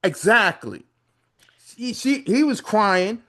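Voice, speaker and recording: A man who tells stories in an animated way and agrees readily, talking as a podcast co-host. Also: high-pitched, slow pace. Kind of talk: casual podcast talk.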